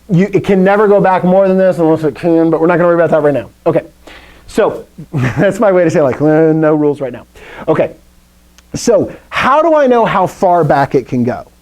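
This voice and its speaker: Lively male Greek teacher, mellow voice. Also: on the high side, poor audio. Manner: animated, playful explaining with questions to students. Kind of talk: live classroom lesson.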